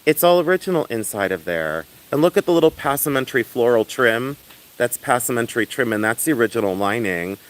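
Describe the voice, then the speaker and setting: A loud, flamboyant man hosting a casual livestream outdoors, chatting with viewers and laughing often as he shows off his finds. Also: mid-range voice. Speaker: livestream host selling and showing jewelry. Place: outdoors in the sun.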